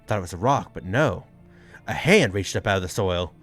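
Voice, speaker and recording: A man's voice: low-pitched, animated, moderate pace, a bit bright, soft background music. A man voicing a scared, weary old grave digger with a folksy drawl, reading game dialogue aloud. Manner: folksy drawl, dropped words.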